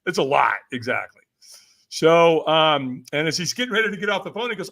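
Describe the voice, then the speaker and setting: A man's voice: on the high side, big pitch swings, fast talker, pushed and bright. An older man, a guest in an interview, telling a story with a lot of energy, acting out the voices in it and laughing often. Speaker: podcast guest, personal development speaker.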